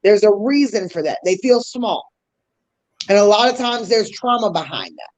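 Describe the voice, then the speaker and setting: A woman's voice: medium pitch, expressive, normal speed, darkish tone, dull audio. Woman host explaining in a teaching tone. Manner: teaching tone with casual slang asides. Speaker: podcast host. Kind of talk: explaining communication styles on a podcast.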